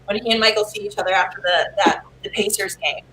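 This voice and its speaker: A woman's voice: medium pitch, fast talker, pushed and bright, slight background noise, poor audio. A woman hosting a casual chat, playful and teasing as she asks questions. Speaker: host.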